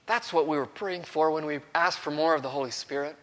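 Bright-voiced man preaching in a reverberant hall. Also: fairly high pitch, fairly quick, hardly any pauses. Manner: earnest, drops to a hush for quoted words. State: has a cold, throat strained. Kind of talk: sermon.

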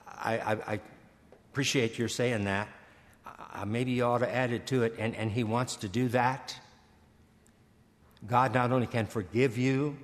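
An older man preaching a sermon, earnest, stammering and repeating words, slowing and swelling on key phrases. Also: on the low side. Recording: long hall reverb.

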